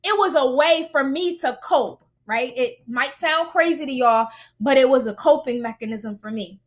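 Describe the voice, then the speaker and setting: A woman podcast host telling a personal story in a lively way and acting out the dialogue. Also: high voice, normal speed. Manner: animated, acts out dialogue in vivid voices.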